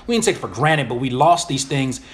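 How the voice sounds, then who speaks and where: A YouTuber and music producer hosts a casual live Q&A, reading viewer questions aloud and then answering them. His mid-range voice moves fairly quickly, and he comes across as animated and slangy.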